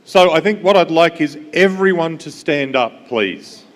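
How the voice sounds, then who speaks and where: A man's voice: fairly high pitch, lively intonation, a little slow. A man giving a conference keynote, friendly and engaging the audience, with frequent fillers. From Australia. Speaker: invited speaker. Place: large conference hall. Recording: long hall reverb.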